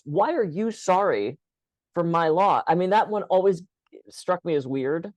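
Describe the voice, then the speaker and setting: A woman co-hosting a podcast, telling stories in a lively way and acting out the quoted lines. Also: on the low side, normal speed, no echo. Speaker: podcast co-host. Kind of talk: casual podcast conversation.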